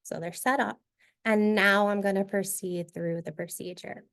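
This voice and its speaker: A woman presenting a teacher-training session, modeling a reading activity step by step in a clear, instructive way. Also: mid-range voice, steady tone, moderate pace, a bit bright.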